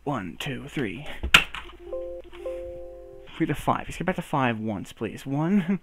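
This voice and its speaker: A man's voice: mid-range voice, very animated, slow pace, husky, soft background music. A young man talking to himself while learning to juggle, counting throws aloud, laughing at himself and swearing when he drops them. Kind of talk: casual self-talk while practicing.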